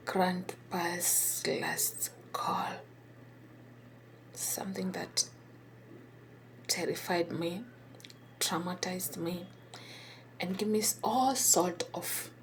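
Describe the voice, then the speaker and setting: A woman whispering a personal story, halting and hesitant with many pauses and restarts. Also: fairly low pitch, steady tone.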